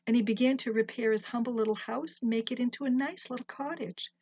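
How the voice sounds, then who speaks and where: Gentle older woman telling a folktale. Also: on the high side, slightly rough, no echo, muffled recording. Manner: gentle, unhurried, corrects herself mid-story. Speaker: storyteller. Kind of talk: folktale storytelling.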